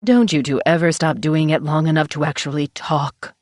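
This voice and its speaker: A woman voicing a husky, bawdy middle-aged woman who runs a funeral home, drawling and teasing in an audiobook. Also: low-pitched, moderate pace, darkish tone, dry recording, clean studio sound, close to an everyday voice. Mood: sly teasing. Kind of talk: audiobook character voice.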